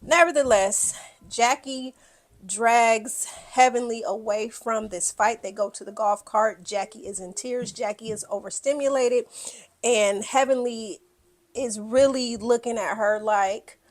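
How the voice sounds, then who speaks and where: A woman with a fairly high voice, speaking a little slowly, gives a casual recap of a reality show. She's animated, blunt and profane, and acts out what people said.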